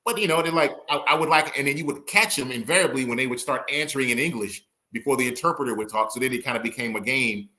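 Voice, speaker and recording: Here a male lawyer talks at a brisk, rapid clip with a bright, forceful edge to his voice. He acts out courtroom back-and-forth as he chats casually in an interview. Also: medium pitch. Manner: animated, quick, acts out courtroom exchanges. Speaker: attorney guest, former prosecutor.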